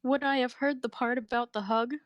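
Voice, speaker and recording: A woman's voice: on the high side, steady tone, fairly quick, dry recording, lo-fi sound. A woman playing a tabletop game, making laughing, sheepish asides. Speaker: player.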